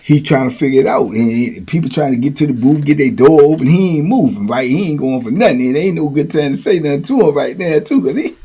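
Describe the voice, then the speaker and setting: A middle-aged man telling prison stories in a slangy, animated way. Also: fairly high pitch, fast, hardly any pauses, breathy edge. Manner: slangy, animated, lots of "you know what I'm saying". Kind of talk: casual storytelling.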